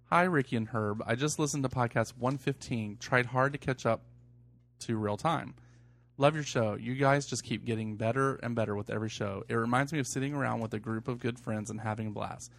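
A man co-hosting a casual podcast at a middling pitch. His voice has a gravelly fry. He jokes freely while reading listener mail and lining up segments. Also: brisk, a bit bright. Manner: joking, reads listener emails, runs the show order. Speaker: podcast co-host.

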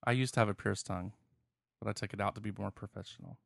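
A man's voice: on the low side, fairly even intonation, fast talker, creaky, no room sound, studio quality. A man from Southwest Virginia co-hosting a podcast, teasing his friends in casual chat. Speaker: podcast co-host.

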